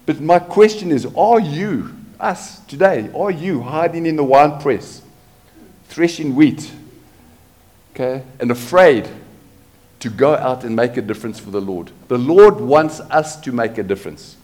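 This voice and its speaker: A man's voice: mid-range voice, animated, unhurried, a little mellow. A man preaching a sermon, asking his congregation rhetorical questions as he goes. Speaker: pastor.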